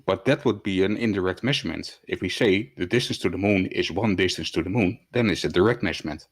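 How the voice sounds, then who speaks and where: A man's voice: low-pitched, fast talker, slightly rough. A man in an online debate, hesitantly arguing his point step by step. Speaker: debate panelist.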